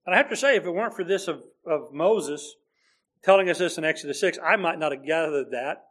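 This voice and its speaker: A man's voice: fairly high pitch, animated, brisk, fairly bright tone. A man preaching a sermon in a conversational, earnest way, building to emphatic repeated phrases.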